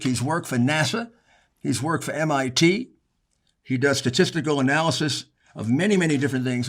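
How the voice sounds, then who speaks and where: A man giving a political speech, emphatic and building to forceful outbursts. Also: fairly high pitch. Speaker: speaker addressing lawmakers.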